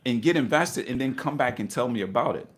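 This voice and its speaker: A man's voice: medium pitch, lively intonation, fairly quick. A middle-aged man telling his investing story in a casual interview, acting out voices with laughter. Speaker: guest investor.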